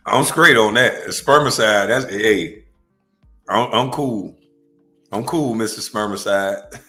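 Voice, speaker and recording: A man's voice: on the low side, takes it slowly, long pauses, bright, forceful tone, soft background music. Brash trash-talking man host. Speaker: livestream host. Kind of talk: profane comedic reaction stream.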